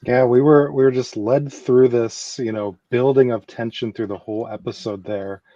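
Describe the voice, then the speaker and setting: A man on a casual review podcast panel, speaking in a measured, thoughtful way. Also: medium pitch, fairly even intonation, mellow, no echo. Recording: dull lo-fi mic.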